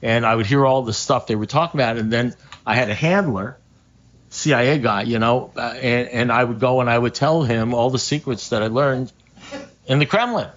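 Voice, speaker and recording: A man's voice: medium pitch, moderate pace, fairly bright tone, lightly acted. A man doing a bragging talking spy dog. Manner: rambling, matter-of-fact bragging. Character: boastful retired male talking spy dog. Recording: slightly muffled recording.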